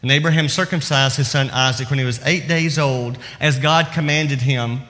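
A man preaching a sermon, reading scripture and stories with expressive, emphatic delivery and dramatic pauses. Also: mid-range voice. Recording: long hall reverb.

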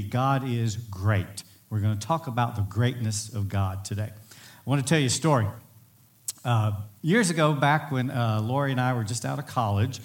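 A middle-aged man preaching a sermon to a congregation, telling stories in a folksy, self-deprecating way. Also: medium pitch. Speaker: pastor.

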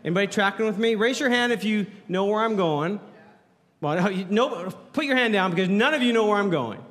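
A man preaches with a lively, rising and falling voice that sits a little high for a man. He jokes and bantering with the people in front of him, speaking into a handheld mic. The sound rings out with the long reverb of a church hall. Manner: playful, jokes with the congregation. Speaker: pastor. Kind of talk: sermon.

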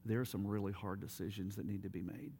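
A man preaching a sermon as pastor, telling stories and dropping to quiet, emphatic appeals. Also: lowish voice, fast talker, a little hiss or hum.

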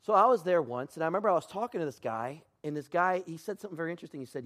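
A male pastor preaching a sermon, fairly high-voiced for a man. He tells stories and acts out the quotes, dropping to a hush for serious lines and jumping high and loud for funny ones. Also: expressive, very fast, hardly any pauses. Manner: storytelling with acted-out quotes, swinging from hushed to loud.

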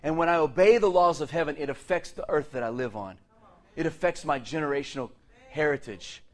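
Middle-aged male pastor, sermon delivery, animated and playful, slightly higher voice. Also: brisk. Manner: lively, joking asides and laughs between points.

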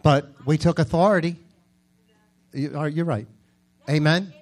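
New male pastor, casual storytelling sermon voice with loud emphatic bursts. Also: fairly high pitch, steady tone, a little slow. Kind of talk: conversational preaching.

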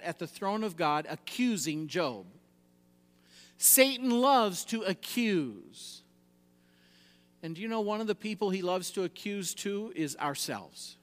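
A man preaching a sermon, emphatic, swinging between loud exhortation and quiet, low passages. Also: long reverb tail.

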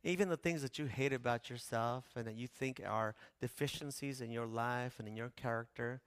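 A man preaching a sermon as pastor, impassioned, with a repetitive cadence that swings from hushed to loud. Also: medium pitch, normal speed, smooth, no room sound, studio quality.

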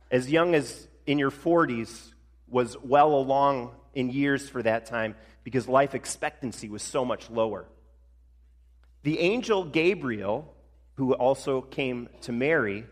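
A male pastor preaching a sermon in a conversational way, slowing down for emphasis. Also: medium pitch. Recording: long reverb of a large hall.

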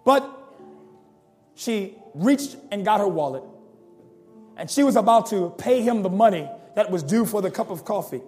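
A male preacher with a very high voice tells a sermon story with dramatic flair, acting out the people in it. His delivery builds to loud, shouted appeals, and soft music plays behind him. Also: expressive, normal speed, pauses often.

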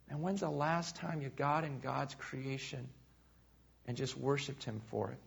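A man preaching a sermon to a congregation, swinging between loud emphasis and hushed, quiet asides. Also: medium pitch, fairly even intonation, measured pace, creaky, breathy edge. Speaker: pastor. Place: room with a live congregation.

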